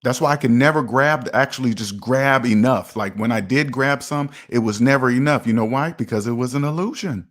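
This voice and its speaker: A man's voice: mid-range voice, a little fast, few pauses, a bit bright. A middle-aged man hosting a personal finance video, talking casually and emphatically to the viewer, repeating his points and acting out imagined conversations with people on the street. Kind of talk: casual monologue to camera.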